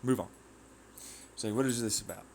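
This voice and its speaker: A man's voice: lowish voice, moderate pace, vocal fry, a little mellow. Rambling American man with faint noise behind. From Arizona, United States. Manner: rambling, full of fillers, jumps between ideas. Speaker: vlogger. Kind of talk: rambling casual monologue.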